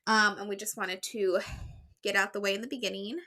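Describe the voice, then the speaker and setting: A woman's voice: mid-range voice, fairly even intonation, fast talker, sharp tone. A woman co-hosting a casual podcast, a bit out of breath as she reads a listener's letter aloud with fillers and restarts. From United States. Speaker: podcast co-host.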